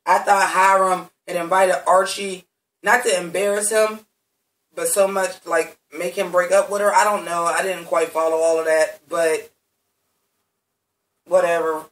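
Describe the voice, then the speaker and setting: A man's voice: sits high, flat delivery, measured pace, fairly bright tone, reverberant, recorded from a distance, poor audio. A man giving a blunt, heavily profane recap of a TV episode, talking straight to his viewers. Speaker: TV recap reviewer.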